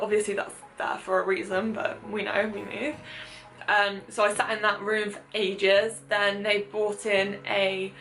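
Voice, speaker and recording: A woman's voice: mid-range voice, fairly bright tone. A young British woman talking candidly in a casual vlog, chatty with many fillers, swearing and self-mocking asides. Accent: British English. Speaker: vlogger. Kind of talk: casual confessional chat.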